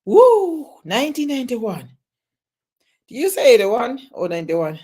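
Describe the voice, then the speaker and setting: A live-stream host reacting to news and reading out viewer chat, halting with many restarts and sudden loud exclamations. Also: medium pitch, very animated.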